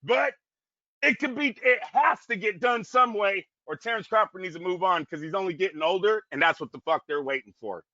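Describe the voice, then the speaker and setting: High, bright-voiced man ranting profanely. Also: fairly quick, no echo. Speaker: boxing podcast co-host. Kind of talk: heated casual chat. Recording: dull, dry lo-fi audio.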